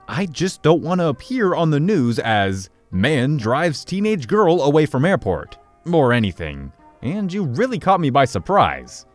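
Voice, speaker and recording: A male narrator reading internet stories aloud, his mid-range voice swinging widely in pitch as he tells them. His delivery is lively and expressive, with soft music playing faintly underneath. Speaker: story narrator.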